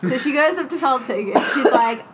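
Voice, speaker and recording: Woman, casual chat, eager, jumps in often, animated melody, faint hiss behind. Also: high-pitched, brisk. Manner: enthusiastic, chimes in and repeats lines playfully. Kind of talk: casual chat about a musical.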